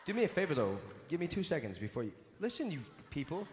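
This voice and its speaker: A man's voice: on the high side, big pitch swings, fast talker, hardly any pauses, a little hiss or hum. A man doing live stand-up comedy on a big stage, playfully teasing and bantering with the audience. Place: large live venue stage. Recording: echoey hall with long reverb, crowd ambience.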